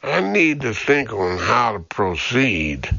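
A man reading a measured police captain. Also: medium pitch, big pitch swings, gravelly, bright, forceful tone, dry recording, lo-fi sound, exaggerated voice. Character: steady middle-aged male police captain.

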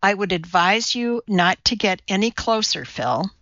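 A woman voicing a steady, composed female chemist who speaks calmly and matter-of-factly. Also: medium pitch, unhurried, dry recording, lo-fi sound. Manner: calm, steady, matter-of-fact.

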